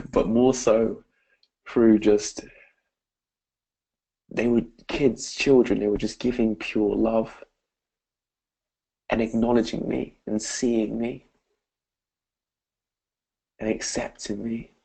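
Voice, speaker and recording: A man's voice: fairly low pitch, fairly even intonation, slow pace, gravelly, long pauses, darkish tone, slightly rough, poor audio. A man with a British accent, a motivational speaker telling an earnest personal story and often calling his listeners "guys". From Britain. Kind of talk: personal story told to camera.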